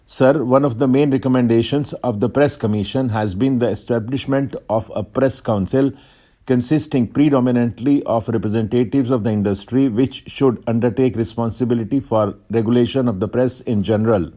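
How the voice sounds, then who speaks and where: A man reading a formal passage as shorthand dictation, in an even, measured way with clear phrase breaks. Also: mid-range voice. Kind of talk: steady dictation reading at set speed.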